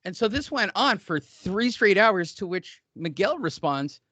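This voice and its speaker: A man's voice: high-pitched, big pitch swings, unhurried, sharp tone, dry recording. Rambling joking podcast host man. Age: middle-aged. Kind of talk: casual banter podcast.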